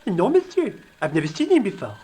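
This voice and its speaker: A man's voice: sits high, wildly swooping pitch, a little fast, dark tone, breathy edge, heavily acted. A man playing an eager, timid young male trainee doctor who speaks politely and hesitantly, in a game with faint music behind. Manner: polite, hesitant, keeps saying sir.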